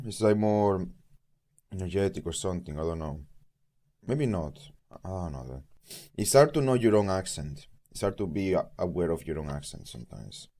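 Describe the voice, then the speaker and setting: Rambling man, lively low voice. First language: Spanish. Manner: rambling, goes off on tangents, self-correcting. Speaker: streamer. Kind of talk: casual rambling chat. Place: at home, eating while streaming.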